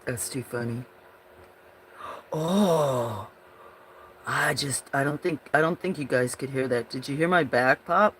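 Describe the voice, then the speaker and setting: A woman's voice: very deep voice, measured pace, long pauses, a bit bright, a little hiss or hum. A woman hosting a casual livestream, chatting with viewers in a rambling way and often breaking into giggles. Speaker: livestream host.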